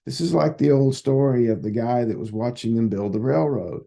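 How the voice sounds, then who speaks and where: A man's voice: mid-range voice, moderate pace, vocal fry, dark tone. A man who works as a psychotherapist, giving folksy, casual advice and telling stories. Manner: folksy, repetitive, storytelling.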